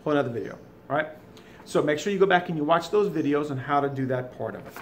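A fairly high-voiced man walks through a French lesson at home, chatty and folksy. A faint hiss of background noise sits under his voice. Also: animated, fast talker. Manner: chatty, folksy asides between explanations. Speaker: French teacher. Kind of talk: recorded video lesson. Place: home, during school closure.

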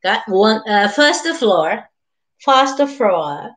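An older woman speaks in careful, slow English with a Japanese accent. Her voice sits at an ordinary pitch. She repeats each word patiently for her beginner students. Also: animated, a bit bright. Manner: slow and patient, repeats words, laughs often, greets viewers. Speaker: Japanese teacher. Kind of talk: live-streamed beginner language lesson.

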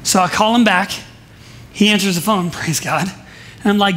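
A man preaching a sermon in a church service, telling stories emphatically and swinging between soft asides and loud declarations. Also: high-pitched, normal speed. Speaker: pastor.

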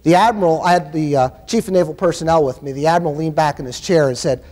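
A man's voice: on the high side, quick pace, a little mellow. A man giving a conference keynote, telling stories in an emphatic, impassioned way. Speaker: keynote speaker. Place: university conference hall. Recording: long hall reverb.

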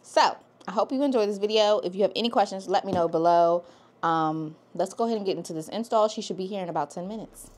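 A woman's voice: mid-range voice, quick pace, darkish tone. A woman loctician casually walking viewers through a hair install and checking in with them as she goes. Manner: chatty, talks straight to viewers with "okay?" tags. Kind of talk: casual hair tutorial vlog.

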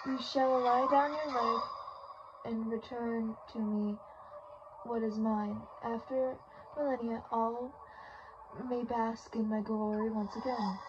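A woman reading aloud the lines of an imperious ancient captive god in a solemn, commanding way, over muffled audio with loud game music. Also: on the high side, fairly even intonation, slow, background noise.

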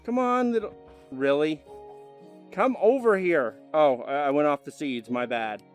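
A man casually commenting on his gameplay, chatty and animated, sometimes bursting into loud exclamations and coaxing animals and his dog. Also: a little high, unhurried, faint music behind. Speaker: gaming video host.

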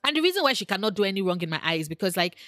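Animated chatty woman talking to camera. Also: mid-range voice, racing, dry recording, clean studio sound, soft background music. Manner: animated, exclamatory, addresses characters directly. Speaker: online video creator ranking TV characters. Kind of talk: casual chat to camera.

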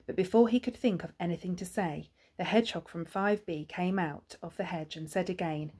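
A woman's voice: lowish voice, a little fast, few pauses, a little mellow, breathy edge. A woman with an English accent, a primary school teacher, reading a children's book aloud expressively with chatty asides.

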